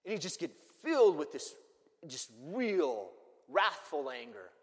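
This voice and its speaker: A man, a Catholic priest, preaching a sermon and telling stories in an animated way. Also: on the high side, unhurried. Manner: animated storytelling that acts out the people it quotes. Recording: long church-hall reverb.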